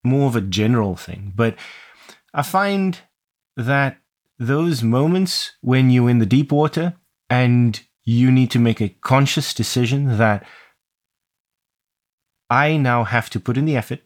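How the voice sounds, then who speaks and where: A man hosting a podcast, asking quick follow-up questions and reading a sponsor message. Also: medium pitch, lively intonation, no room sound, studio quality. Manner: conversational, asks quick follow-ups. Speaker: podcast host. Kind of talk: interview questions and sponsor read.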